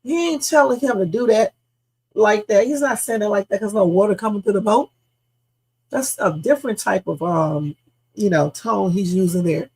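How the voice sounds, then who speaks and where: A woman's voice: mid-range voice, moderate pace, darkish tone, husky, low-quality recording. A woman hosting a live reaction stream, speculating emphatically with casual slang and repeating her points. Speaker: livestream host.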